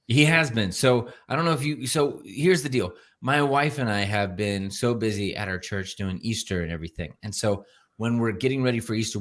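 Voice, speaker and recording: A man in his thirties telling a story in a relaxed, casual chat, laughing easily and often restarting his sentences. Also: medium pitch. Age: 30s. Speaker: show co-host.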